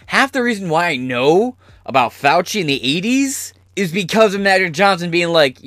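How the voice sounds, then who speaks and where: A man's voice: a little high, lively intonation, normal speed, a bit bright, dry recording. A man hosting a podcast, delivering heated, sarcastic political commentary full of profanity. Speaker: podcast host.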